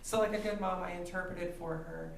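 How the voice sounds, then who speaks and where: A woman's voice: on the low side, fairly even intonation, a little fast, vocal fry. A woman of forty doing a stand-up comedy set, ranting wryly and laughing often. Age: 40s. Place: theatre stage with live audience. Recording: roomy live theatre, loud crowd laughter.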